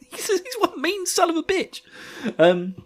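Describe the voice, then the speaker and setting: A man hosting a podcast, chatting excitably about a book, laughing often and swearing casually. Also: extremely high pitch, takes it slowly. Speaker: podcast host. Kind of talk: casual book-discussion chat.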